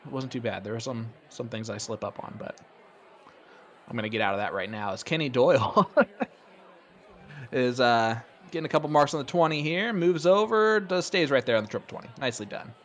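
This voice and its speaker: A man doing casual play-by-play darts commentary, chatty and rambling, getting excited on big throws. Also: mid-range voice, a little fast.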